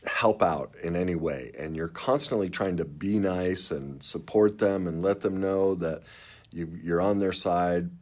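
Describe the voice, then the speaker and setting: A man's voice: low voice, darkish tone. A man coaching viewers on relationships in an earnest, emphatic way, speaking straight to them. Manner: earnest, emphatic, acts out clients in quotes. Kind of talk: direct advice to camera.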